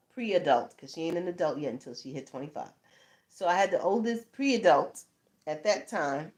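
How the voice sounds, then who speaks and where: A woman in her thirties tells a story in a loose, casual way, dropping curse words and checking in with her listeners. She breaks into laughter often and her voice swings widely up and down. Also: on the low side. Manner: animated, laughing, swearing, lots of "you know what I'm saying". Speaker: tarot channel host.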